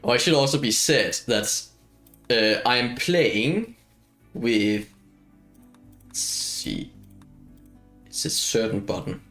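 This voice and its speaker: A man's voice: medium pitch, expressive, slow pace, long pauses, fairly bright tone, faint music behind. Rambling, self-mocking male game streamer. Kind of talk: casual gameplay chat.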